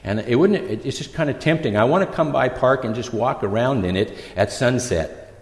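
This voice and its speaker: A man giving a conversational sermon as a visiting preacher, pausing and restarting often as he talks. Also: medium pitch, lively intonation. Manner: conversational, halting, with many restarts. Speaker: guest preacher. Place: church. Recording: echoey church hall.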